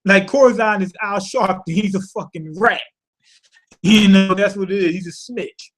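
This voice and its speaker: A man's voice: high voice, normal speed. A man giving a casual, profane recap of a comic chapter, rambling and laughing as he swears his way through the plot. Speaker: manga reviewer.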